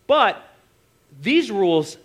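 A man preaching a sermon, retelling Bible stories with animated voices for the disciples. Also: sits high, slow pace. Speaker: pastor.

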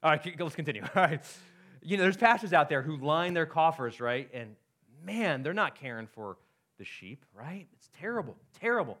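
Male pastor, sermon, conversational and animated, pitch swings a lot. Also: moderate pace. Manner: conversational, asks "right?" often, reads scripture aloud.

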